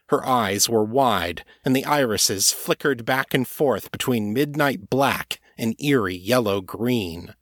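A man reading an audiobook in a steady, measured narrating voice. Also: mid-range voice, dry recording, clean studio sound.

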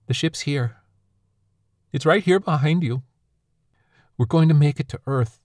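A man voicing a grieving young survivor who pleads and shouts through tears. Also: mid-range voice, steady tone, moderate pace, gravelly, breathy edge, no room sound, studio quality, voice pushed up. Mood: tearful.

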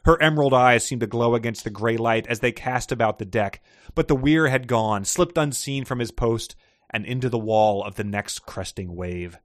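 A man's voice: mid-range voice, normal speed, dry recording, studio quality. A man hosting a casual podcast chat, reading passages aloud with expression and laughing often. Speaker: podcast host reading excerpts.

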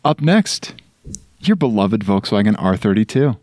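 A man co-hosting a car podcast in casual chat, joking and animated, laughing often. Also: on the low side, unhurried, no room sound. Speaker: podcast co-host.

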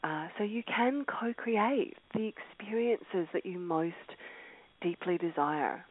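A woman coach leading a call, talking in a heartfelt, reflective way with many restarts and an occasional cleared throat. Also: fairly low pitch, slow pace, phone-quality sound. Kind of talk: earnest motivational talk.

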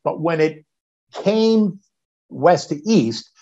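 A middle-aged podcast guest recounts a personal story animatedly, swearing freely and growing loud as he relives moments of panic. His voice is a little high and he takes his time, captured on lo-fi sound.

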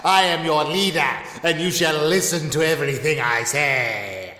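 A man's voice: on the high side, measured pace, sharp tone, reverberant, in a large hall. A man playing a pompous, self-declared male leader who hands down commandments in mock-solemn proclamations for a comedy podcast bit.

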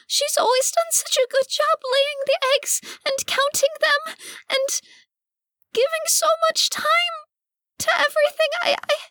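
A woman voicing a timid female bird creature who pleads in a very high, quavering voice with halting words. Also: steady tone, pushed and bright, no room sound, exaggerated voice. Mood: tearful, pleading.

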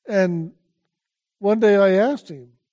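In a high voice, an elderly teacher gives a spiritual talk at a calm, leisurely pace, repeatedly asking those listening to pay attention.

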